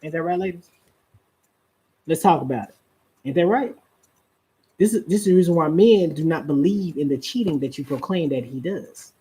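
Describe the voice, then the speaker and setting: A woman's voice: sits low, animated, normal speed, pauses often, warm tone. A woman giving relationship advice on a live stream. She keeps asking her audience rhetorical questions and drawls out the phrases she wants to stress.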